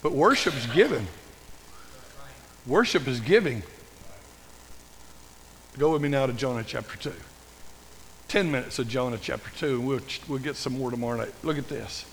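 A man preaching a sermon in a church, emphatic and building to loud, passionate scripture reading. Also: medium pitch, lively intonation, normal speed, long pauses. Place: church sanctuary. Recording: long hall reverb.

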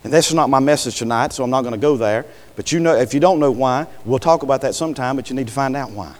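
Folksy preacher with a long hall echo. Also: male voice, mid-range voice, fast. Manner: folksy, punctuated with "Amen" and rhetorical questions to the congregation. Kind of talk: sermon.

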